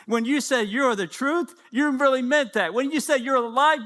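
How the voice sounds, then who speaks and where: A man's voice: very high voice, normal speed, few pauses, fairly bright tone. A man in his fifties preaching a sermon, acting out little dialogues with the Lord as he goes. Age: 50s. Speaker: pastor.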